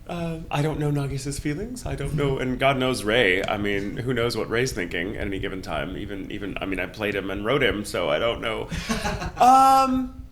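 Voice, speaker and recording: Lively, giggly man being interviewed. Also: mid-range voice, normal speed, slight background noise. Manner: giggly, self-deprecating, animated. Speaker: voice actor guest. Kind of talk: casual convention interview. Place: anime convention.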